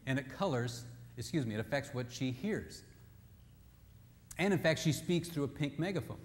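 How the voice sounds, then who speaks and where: This man's talk at a marriage seminar is humorous and full of stories, with scripture mixed in and the quotes acted out in jokey fashion. He sounds animated, with a medium-pitched voice at normal speed, and the hall he speaks in is echoey.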